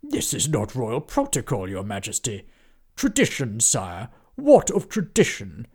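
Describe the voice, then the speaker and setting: A man voicing indignant old bearded knights who protest loudly. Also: medium pitch, wildly swooping pitch, measured pace, slight background noise. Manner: loud, protesting.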